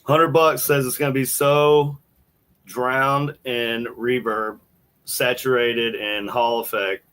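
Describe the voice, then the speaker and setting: A man hosts a podcast and talks casually over the clips he plays. He rambles and thinks out loud, restarting his sentences. His voice sits at an ordinary middle pitch. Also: little pitch movement, takes it slowly, smooth. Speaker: podcast host. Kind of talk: casual commentary while playing clips.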